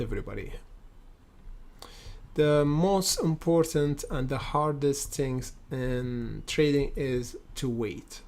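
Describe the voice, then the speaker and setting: This is live market commentary from a day-trading stream host whose voice is mid-range and darkish. He thinks out loud, repeats phrases, uses lots of fillers, and calls the audience guys and brother.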